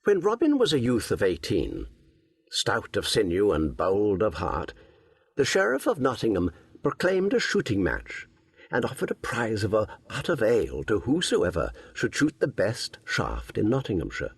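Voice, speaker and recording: A man narrating a classic adventure audiobook in a measured, lilting storytelling manner. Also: on the low side, wildly swooping pitch, creaky, breathy edge. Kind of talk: scripted narration.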